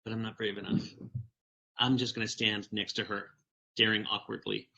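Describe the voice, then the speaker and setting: A man voicing a nervous, excited young boy who doubts himself. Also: on the low side, normal speed, creaky, lo-fi sound. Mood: starstruck. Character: shy starstruck young boy.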